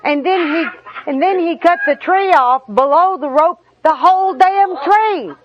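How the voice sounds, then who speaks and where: High-voiced woman telling funny stories. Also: measured pace, a little hiss or hum. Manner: folksy, laughing through her own stories. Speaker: speaker at a recovery meeting. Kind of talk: humorous personal storytelling. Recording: dull lo-fi recording with audience.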